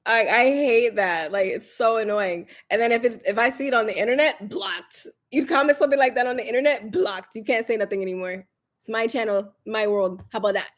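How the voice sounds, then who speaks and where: A young woman in casual livestream chat, candid and animated, laughing often and swearing casually. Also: a little high, fast talker. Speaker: spiritual lifestyle creator.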